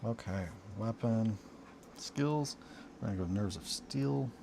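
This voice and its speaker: A man's voice: lowish voice, slow pace, creaky, noisy background. Rambling, chatty streamer guy. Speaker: hobby streamer. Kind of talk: casual stream chat.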